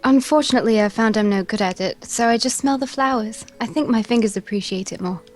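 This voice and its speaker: A woman voicing a polite, soft-spoken young woman while reading a visual novel aloud with a friend. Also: on the high side, quick pace, soft background music, close to an everyday voice. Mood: gentle. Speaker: co-player voicing characters. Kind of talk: casual visual novel read-along.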